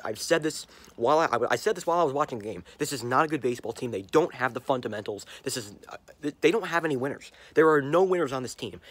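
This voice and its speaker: Angry and stumbling, a young man vents about sports to his handheld camera, saying the same things over and over. His voice is medium-pitched and a touch bright.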